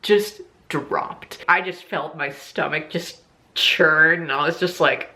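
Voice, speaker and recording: A young woman vlogger telling a casual storytime, animated and laughing often, swearing freely and squealing high on quoted lines. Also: slow.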